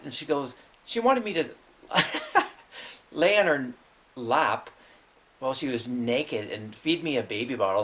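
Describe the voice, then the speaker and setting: A middle-aged man tells rambling personal stories in a blunt, profane way. His voice rides a little high and jumps all over the place. He chuckles through the strange parts. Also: fairly bright tone. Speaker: show host.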